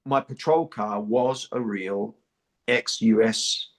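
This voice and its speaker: A man's voice: on the low side, slow pace. Man chatting with repeated restarts. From New Zealand. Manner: repeats words and restarts, many "you know". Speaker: actor being interviewed. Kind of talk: casual interview chat.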